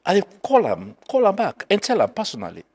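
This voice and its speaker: A middle-aged man from Sierra Leone with a Krio accent, a political guest telling a story in an animated way, mixing Krio and English. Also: high-pitched, brisk. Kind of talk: political talk show discussion.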